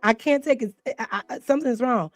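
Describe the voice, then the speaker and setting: A woman's voice: on the high side, a little fast, no room sound, studio quality, faint music behind. A woman hosting a casual commentary show, candid and outspoken, swearing and laughing freely as she reacts. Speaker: host.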